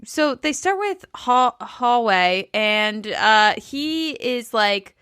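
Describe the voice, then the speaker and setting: A woman's voice: fairly high pitch, very slow, few pauses, clear, resonant tone, dry recording, studio quality. A woman co-hosting a podcast, chatting casually and acting out what the cast said. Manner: animated, acts out quotes of the cast. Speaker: podcast co-host. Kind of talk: casual chat recapping a reality show.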